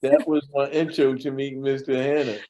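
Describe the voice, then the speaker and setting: An older man from New York telling his life story in an interview, lively and easily moved to emotion. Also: medium pitch, moderate pace. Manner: lively storyteller who acts out quoted dialogue; gets emotional when speaking of his mentor. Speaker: interview guest.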